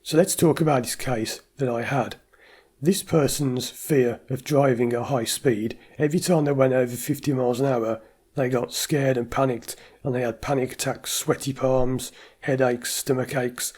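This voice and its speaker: A man's voice: medium pitch, fairly even intonation, moderate pace, a little mellow, slightly rough. A man, a driving anxiety therapist, talks casually to camera and tells a client story, acting out the client's stammering replies. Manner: anecdotal, acts out client stammering.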